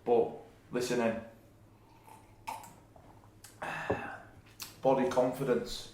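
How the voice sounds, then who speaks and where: Young man, podcast co-host, chatty, swears casually, mid-pitched voice, echoey room. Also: little pitch movement, extremely slow, noisy background. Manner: chatty, swearing anecdote-telling. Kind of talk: casual chat.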